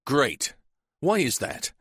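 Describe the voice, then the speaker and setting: A man's voice: medium pitch, sing-song, slow pace, a bit bright, slightly rough, no room sound, studio quality, voice pushed up, full character voice. A man voicing a wary young detective constable, blunt and sardonic.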